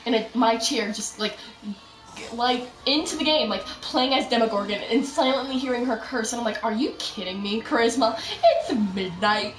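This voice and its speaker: A chatty young woman rambles through her game, hopping between asides. Her voice sits a little high and comes from a step back from the mic. The room echoes around her and faint music plays underneath. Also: a bit bright, distant mic, slight background noise. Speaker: gaming streamer. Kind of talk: casual gameplay commentary.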